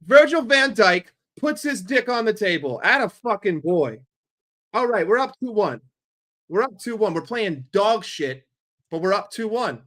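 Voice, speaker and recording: On his watchalong stream, a man from New York calls a football game live at normal speed, cursing and mocking as he goes. His voice is somewhat high, very bright and forceful, dropping to grumbles before erupting in loud yells.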